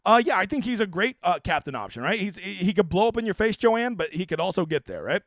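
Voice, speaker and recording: Animated man hosting a fantasy sports stream. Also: sits high, fast, no room sound, clean studio sound. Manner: animated, swearing, reads chat questions aloud. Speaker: fantasy sports livestream host. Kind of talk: casual livestream chat answering viewer questions.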